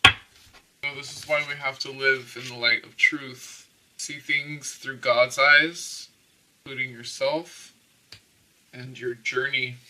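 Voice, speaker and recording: A man with a very bright, sharp-edged voice talks his way loosely through a tarot reading, tossing in "okay?" between thoughts. His voice sits a little away from the mic. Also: medium pitch, steady tone, slow pace, long pauses, distant mic, low-quality recording. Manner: rambling, peppered with "okay?" and laughs. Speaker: tarot reader. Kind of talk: casual spiritual tarot reading.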